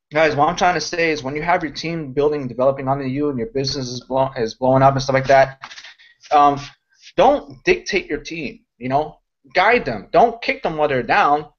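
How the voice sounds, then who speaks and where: A man with a slightly high voice talks his team through leadership in a loose, rambling way. He gets animated and keeps circling back to his points. The sound is dull and lo-fi, like an online call. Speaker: network marketing mentor. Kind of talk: casual motivational talk.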